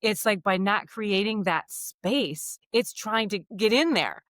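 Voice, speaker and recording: A woman's voice: medium pitch, expressive, slow, fairly bright tone, dry recording, clean studio sound. A woman coach co-hosting a podcast, speaking reflectively with frequent "you know" asides. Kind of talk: casual podcast conversation.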